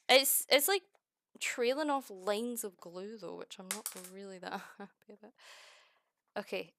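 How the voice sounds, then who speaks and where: A young Scottish woman chatting excitedly and swearing often while crafting on a close mic. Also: fairly high pitch, clean tone, dry recording. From Scotland. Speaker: streamer. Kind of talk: casual crafting chat.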